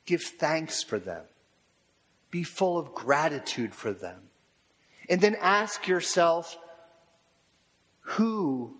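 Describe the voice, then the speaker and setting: A man preaching a sermon as a pastor, talking in a slow, measured and reflective way and posing repeated questions to his listeners. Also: on the high side, very animated, a bit bright. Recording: long reverb of a large hall.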